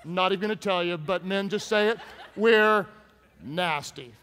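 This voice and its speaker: A man preaching a humorous sermon to his congregation, joking and telling stories with lively asides. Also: high voice, moderate pace. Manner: jokey, animated storytelling with asides to the congregation. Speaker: pastor. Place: large church hall. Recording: long hall reverb from a church.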